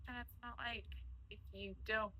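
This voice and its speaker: Woman, young adult, bright voice, chatty, lots of filler words. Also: on the high side, fairly even intonation, moderate pace, low-quality recording. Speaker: guest, host's wife. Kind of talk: casual conversation.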